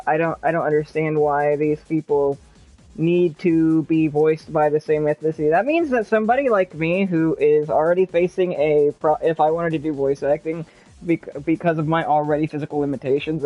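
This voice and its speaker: A man hosting a podcast talks in a measured, agreeable way and pauses now and then to find the right words. His voice sits a little high. It comes through dull, dry lo-fi audio. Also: dry recording, soft background music. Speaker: podcast host. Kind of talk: casual podcast chat.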